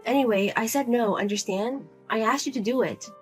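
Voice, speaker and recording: Woman playing a grown daughter, low, quiet, blunt, cold, lecturing, family drama. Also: a little fast, husky, faint music behind. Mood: firm, exasperated. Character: single adult daughter, firm and exasperated.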